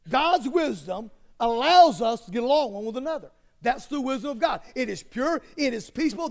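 High-voiced preacher with emphatic bursts. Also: male voice. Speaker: pastor. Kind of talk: sermon.

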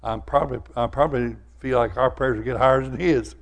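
An older pastor with a drawl preaches in a folksy, story-driven style at a normal middle pitch. His tone stays steady and his pace fairly quick as he moves between loud, climbing lines and quiet, sincere asides.

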